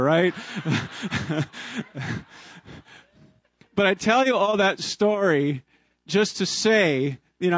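A man in his fifties, a preacher telling a personal story in a sermon, animated and often chuckling. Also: high voice, no room sound. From Canada. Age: 50s.

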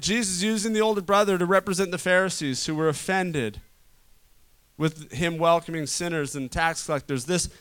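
High clear-voiced man preaching. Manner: preaching with wide swings from loud to soft. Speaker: pastor. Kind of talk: sermon.

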